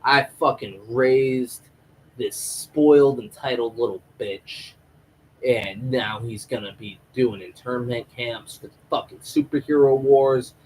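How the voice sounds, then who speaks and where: A man's voice: medium pitch, takes it slowly, darkish tone, a little hiss or hum, close to an everyday voice, poor audio. A man voicing an old male servant who speaks bluntly and profanely. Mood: furious.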